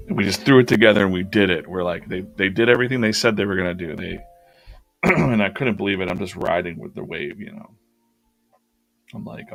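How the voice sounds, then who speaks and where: Gravelly low-voiced man telling a rambling story. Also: brisk, long pauses, fairly bright tone, faint music behind. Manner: rambling, anecdotal, many fillers and restarts. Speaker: artist hosting a live drawing stream. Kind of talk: casual storytelling on a live stream.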